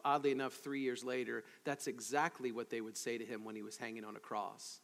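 A man preaching an expository sermon as pastor, conversational and animated, with frequent asides to the congregation. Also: medium pitch, a little fast, vocal fry, hardly any pauses, big-room sound.

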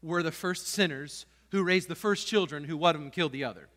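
Bright-voiced man preaching in a church hall. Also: fairly high pitch, brisk. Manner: passionate preaching with rising, emphatic peaks. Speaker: pastor. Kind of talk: sermon. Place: church sanctuary.

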